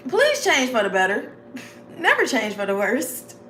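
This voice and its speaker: A woman's voice: on the high side, wildly swooping pitch, unhurried, a bit bright. A woman giving a rambling, casual motivational talk to her viewers, chatty and informal. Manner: rambling, breaks into frequent laughter; addresses viewers as "y'all" and "babes". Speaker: vlogger. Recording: echoey room with faint background noise.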